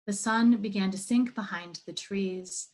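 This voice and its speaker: A woman telling a parable in an online church service, in a measured, steady reading. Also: medium pitch, poor audio. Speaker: worship leader.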